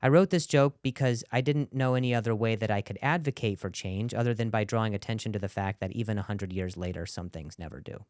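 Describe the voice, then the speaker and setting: A man's voice: lowish voice, fast, hardly any pauses, darkish tone, no room sound, clean studio sound. A young man with a stutter doing a stand-up set, sarcastic and self-deprecating while working the crowd. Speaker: stand-up comedian. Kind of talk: stand-up set with narrated commentary.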